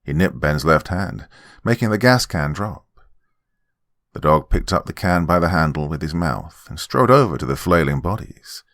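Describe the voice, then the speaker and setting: A man narrating a horror story in a deep voice that rises and falls with lively inflection. The read is dramatic and scripted, close and dry with no room sound. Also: moderate pace, dry recording.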